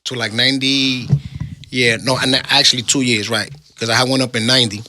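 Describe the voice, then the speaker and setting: A man's voice: medium pitch, flat delivery, background noise. A middle-aged man, telling the story of his time in prison in casual street slang. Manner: street slang, laid-back storytelling, rapid.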